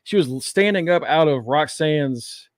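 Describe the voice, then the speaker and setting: A man talks wrestling on a podcast in a dry, close recording, his pitch a bit raised and leaping around as he gets worked up. He swears casually and laughs through his points. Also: unhurried, no room sound. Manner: excitable, laughing, profane. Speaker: podcast co-host.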